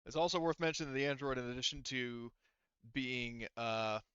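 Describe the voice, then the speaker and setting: A man's voice: mid-range voice, normal speed, a bit bright, clear, resonant tone, dry recording, lo-fi sound. A man running a tabletop game as game master, rambling through his descriptions with lots of fillers and restarts.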